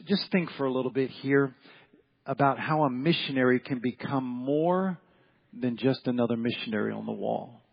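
Here a man with a medium-pitched, breathy-edged voice preaches an evening church sermon as pastor, with lo-fi sound. Set in the church sanctuary, his folksy, repetitive talk often features him acting out the voices of his story characters.

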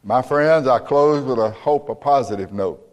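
A man preaching a sermon as pastor, emphatic and building to loud peaks. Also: medium pitch, moderate pace, in a large hall. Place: church.

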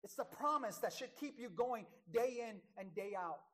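Woman preacher with a fairly high voice; emphatic sermon, swinging between hushed and loud, stretching key words. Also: expressive, moderate pace.

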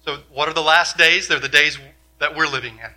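A male pastor preaching a sermon, emphatic, asking many rhetorical questions and swinging from loud to quiet. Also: fairly high pitch, steady tone, brisk.

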